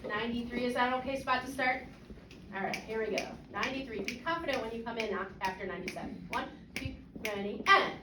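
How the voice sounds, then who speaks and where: A woman's voice: a little high, quick pace, far from the mic, background noise. Woman coaching a band in an echoey room. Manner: casual, encouraging, lots of fillers and checks for understanding. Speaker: band clinician. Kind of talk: coaching a student ensemble. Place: rehearsal room.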